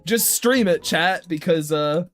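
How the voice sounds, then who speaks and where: A young man whose voice is on the high side speaks a little slowly over faint music as he draws live. His casual chat with viewers turns into a rant with plenty of swearing.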